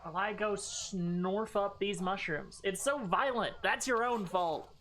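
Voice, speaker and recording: A woman's voice: mid-range voice, measured pace, fairly bright tone, a little hiss or hum. Playful swearing woman streamer. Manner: playful, sarcastic, swears casually. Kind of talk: casual gaming stream chat.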